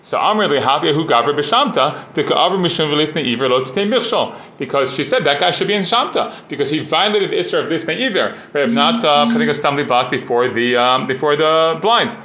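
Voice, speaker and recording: A man's voice: on the high side, animated, a little fast, hardly any pauses, bright, forceful tone, slight background noise. A man teaching a casual Talmud class. He reads Aramaic passages, explains them in plain English and fills his talk with "like" and "you know". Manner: conversational, full of "like" and "you know". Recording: dull, roomy recording.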